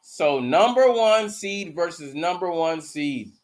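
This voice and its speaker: A man hosting a live watch party, commenting casually and profanely on the game with excitable outbursts. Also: a little high, takes it slowly. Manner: profane, excitable, bursts into mocking shouts. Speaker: live stream host.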